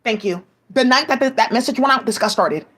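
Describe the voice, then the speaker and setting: A woman's voice: on the high side, fairly quick, a bit bright, slightly rough. A woman giving rambling, profane commentary full of restarts, agitated asides and fillers, speaking into a home mic. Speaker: commentary vlogger.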